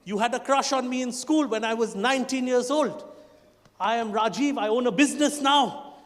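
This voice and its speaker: A cocky, self-assured middle-aged man who brags that he still has it, acted out by a man. He speaks high for a man, with an Indian English accent. His lines ring out on a stage mic into a hall with a long echo. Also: moderate pace, fairly bright tone. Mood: boastful. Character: boastful middle-aged man chasing his old school crush.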